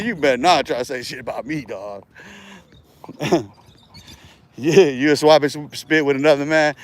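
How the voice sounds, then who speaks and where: A man hosting his own livestream, rambling and taunting his viewers in a profane rant, often breaking into laughter. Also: on the high side. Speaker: livestream host.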